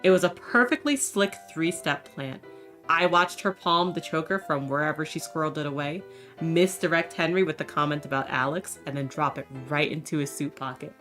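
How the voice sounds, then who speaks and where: A woman's voice: low voice, fairly quick, fairly bright tone, voice pushed down. A woman reading the lines of a sly male con-artist narrator in a wry, self-assured storytelling manner, with faint music behind. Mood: scheming.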